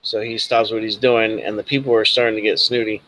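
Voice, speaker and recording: A man's voice: on the low side, level tone, a little fast, noisy background. A man narrating a tabletop role-playing game as game master, casual and rambling with many fillers.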